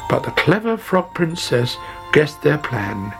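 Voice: mid-range voice, big pitch swings, measured pace. Fairytale storyteller over music. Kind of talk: scripted fairytale narration.

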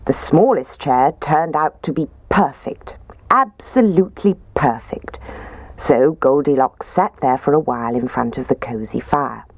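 A woman reads a children's story aloud with a low, husky voice that swoops up and down. Her delivery is expressive and sing-song, recorded close and dry. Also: measured pace, dry recording.

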